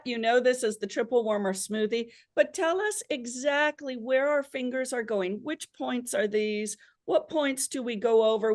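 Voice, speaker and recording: An American woman hosting a live online class, upbeat and encouraging, playfully drawing out her guest. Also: sits high. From United States. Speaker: host.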